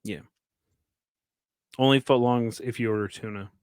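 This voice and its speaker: A man co-hosting a casual movie-review podcast, cracking deadpan jokes and murmuring agreement. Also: mid-range voice, moderate pace, smooth, no room sound, studio quality. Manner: deadpan joker, agreeable backchannels. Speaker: podcast co-host.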